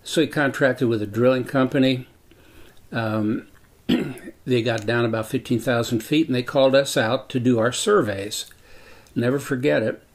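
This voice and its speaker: Elderly male storyteller, gravelly, measured reminiscing. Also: mid-range voice. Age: 80s. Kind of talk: personal storytelling.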